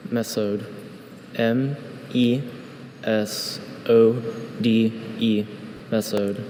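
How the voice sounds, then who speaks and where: Male speller, monotone, dark tone, careful, reverb, faint air conditioning. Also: on the low side, extremely slow, a little hiss or hum. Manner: flat, careful, asks about word roots. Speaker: spelling bee contestant.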